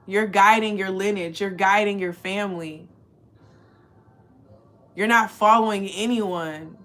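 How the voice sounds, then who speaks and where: A woman with a middle-pitched voice leads an oracle card reading. She talks earnestly to the listener and calls them by fond names. She slows down and repeats phrases to drive them home. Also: fairly even intonation, a bit bright, faint music behind. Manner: earnest, speaks directly to the listener with endearments; repeats phrases slowly for emphasis. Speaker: spiritual card reader.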